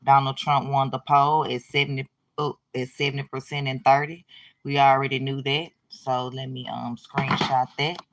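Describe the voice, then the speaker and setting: A woman's voice: very deep voice, little pitch movement, moderate pace. A woman hosting a live stream talks straight to her viewers. Her delivery is casual, loose and chatty. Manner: chatty, informal, addresses viewers directly. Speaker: livestream host. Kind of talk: casual livestream chat.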